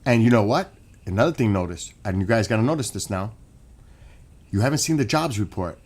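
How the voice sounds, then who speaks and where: A man streaming and ranting in a casual monologue, animated and swearing. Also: fairly low pitch, brisk.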